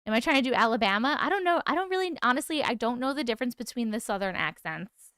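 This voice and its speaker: Bubbly woman chatting w her stream, lively high voice, super dry close sound. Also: fast, clear, resonant tone, dry recording. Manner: bubbly, thanks chatters by name, laughs often. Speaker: livestream host. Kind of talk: casual live-stream chat.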